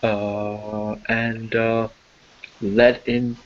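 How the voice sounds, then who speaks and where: A man's voice: fairly low pitch, level tone, very slow. A man narrating as game master of a tabletop game, hesitant and full of fillers. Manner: rambling, hesitant with many fillers. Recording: dull lo-fi audio.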